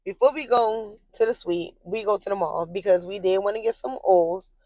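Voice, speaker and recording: A young woman telling a casual, profane storytime to her viewers, animated, rising into shrill yelling as she relives her anger. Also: normal speed, no room sound. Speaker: vlogger.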